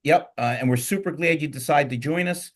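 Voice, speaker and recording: A man's voice: a little high, brisk. A middle-aged man with a Philadelphia accent hosting a casual panel show, rambling and joking with energy. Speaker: podcast host.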